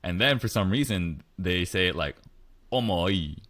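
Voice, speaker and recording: Deep voiced young guy from the states, chill podcast co-host, kinda hedgy and apologetic. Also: animated, normal speed, fairly bright tone. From United States. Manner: easygoing, hedging, apologetic. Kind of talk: casual chat.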